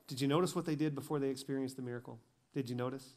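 A pastor from Michigan preaching a sermon, telling stories and acting out the dialogue, building to emphatic peaks and then dropping to quiet intensity. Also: male voice, medium pitch, steady tone, racing.

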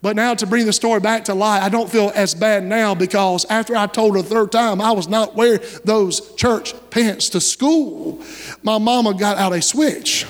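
A man's voice: high voice, moderate pace, long reverb tail. A man in his thirties, a pastor preaching a sermon in a folksy storytelling manner and often checking in with his listeners. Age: 30s.

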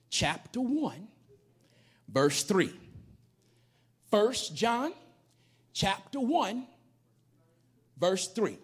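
Pastor, male, storytelling sermon, high voice, big swings, shouts for emphasis. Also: slightly rough. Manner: preaching with shouted emphasis and stories; casual, everyday speech.

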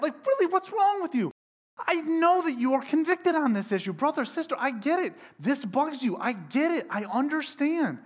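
A man's voice: extremely high pitch, voice pushed up. A man voicing an exasperated apostle who scolds judgmental churchgoers in a raised, incredulous voice. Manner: incredulous, scolding, then soothing.

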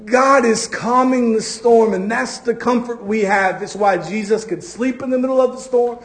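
A man with a fairly high voice preaches a sermon in church. He speaks to his congregation and slows down to lean on key phrases. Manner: preaching with drawn-out emphatic phrases and acted quotes. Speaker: pastor.

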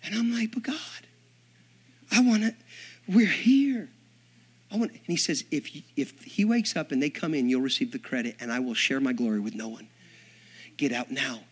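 A man preaching, a minister telling a story with acted-out dialogue and big swings from hushed asides to shouting. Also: medium pitch, fairly quick, breathy edge. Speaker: Assembly of God minister. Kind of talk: storytelling sermon.

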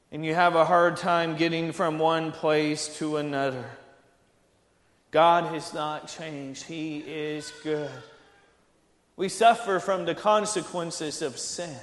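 Slow high-voiced preacher in an echoey hall. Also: male voice. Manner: slow, earnest, rising to emphatic peaks. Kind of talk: sermon.

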